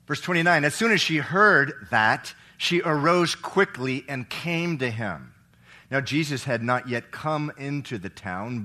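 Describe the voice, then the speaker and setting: A middle-aged man preaching a sermon, swinging between loud, emphatic lines and hushed, soft reading, and asking the congregation questions. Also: mid-range voice. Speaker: pastor.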